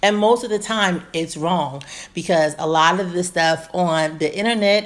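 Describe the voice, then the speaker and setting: A woman's voice: lowish voice, moderate pace, a bit bright. Bubbly woman doctor greeting live viewers. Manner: bubbly, greets viewers by name, many fillers. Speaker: gynecologist hosting a live stream. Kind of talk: casual live-stream chat.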